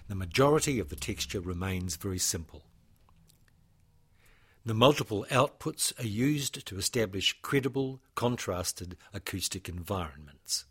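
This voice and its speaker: A man, a composer, presenting his own work in a measured, formal, read-out lecture. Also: lowish voice, husky.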